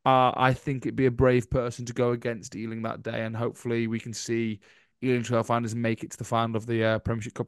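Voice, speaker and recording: A man's voice: mid-range voice, completely flat delivery, fast, clear, resonant tone, no echo, studio quality. A man, co-hosting a podcast as a pundit, talking eagerly in long runs of thought. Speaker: regular podcast co-host and pundit. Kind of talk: casual podcast chat.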